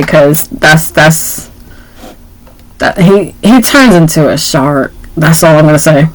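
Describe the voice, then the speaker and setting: A woman co-hosting a casual movie chat, playful and animated, joking around as she talks. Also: low-pitched, poor audio. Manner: playful, animated, jokes and puts on voices. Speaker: podcast co-host.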